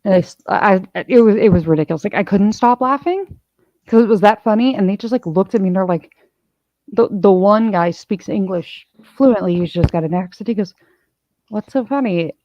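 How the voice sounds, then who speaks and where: A woman's voice: mid-range voice, fairly quick, no echo, highs cut off. A woman host in casual chat, telling a rambling story full of restarts. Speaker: channel host.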